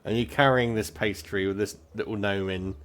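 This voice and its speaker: A man's voice: lowish voice, steady tone, moderate pace, a bit bright. A man narrating a tabletop game as dungeon master, casual and rambling.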